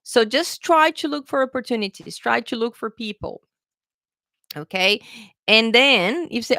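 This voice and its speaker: A woman's voice: fairly high pitch, lively intonation, a little slow, pushed and bright, no echo, studio quality. Chatty Brazilian woman English teacher. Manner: chatty, checks in with "okay?". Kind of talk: live-stream Q&A.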